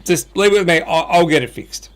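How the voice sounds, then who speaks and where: A man's voice: on the high side, animated, fairly quick, natural voice. A man voicing a frustrated husband in a told joke. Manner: blunt and frustrated.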